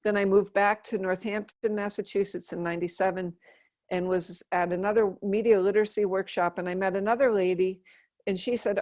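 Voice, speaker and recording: A middle-aged American woman, a Buddhist nun, telling her life story in an interview in an earnest, soft-spoken way, often restarting her sentences. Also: mid-range voice, steady tone, a little fast, no room sound, studio quality.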